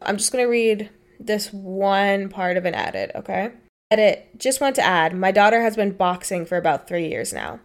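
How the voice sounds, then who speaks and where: Young woman, podcast co-host, reads stories aloud, blunt, swears casually, mid-pitched voice. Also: lively intonation, moderate pace.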